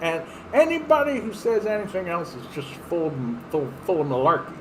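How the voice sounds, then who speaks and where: A man's voice: high-pitched, big pitch swings, a little fast, noisy background, voice pushed up. A man doing a folksy old politician. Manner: drawling, plain-folks catchphrases.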